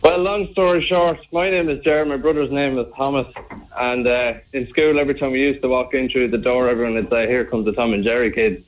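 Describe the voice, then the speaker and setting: A man's voice: medium pitch, fairly even intonation, fairly quick, rough recording. Man calling in by phone. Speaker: caller. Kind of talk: radio phone-in call. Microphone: phone line.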